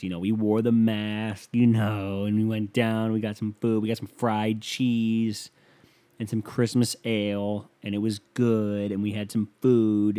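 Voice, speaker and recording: A young man talking alone into a mic in his bedroom, his voice low-pitched with a warm, mellow tone. He rambles casually and curses freely, often poking fun at himself. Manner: rambling, profane, self-mocking. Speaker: podcast host. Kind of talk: casual solo podcast monologue.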